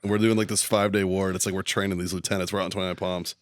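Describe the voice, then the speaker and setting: A man's voice: sits low, level tone, rapid-fire, no room sound, clean studio sound. A man in his thirties, co-hosting a podcast, telling a war story in a loose, swearing, filler-heavy way. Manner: swears freely, lots of fillers, laughs mid-story. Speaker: podcast co-host. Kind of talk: casual profane storytelling.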